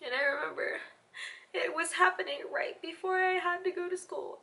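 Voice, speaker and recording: High, bright-voiced young woman confiding. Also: steady tone, vocal fry. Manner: halting, emotional, drops to near-whispers. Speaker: vlogger. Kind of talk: confessional personal vlog.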